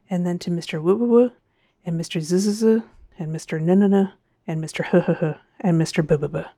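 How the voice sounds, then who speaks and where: A woman reading a short story aloud in a measured, expressive narration. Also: lowish voice, no echo, studio quality.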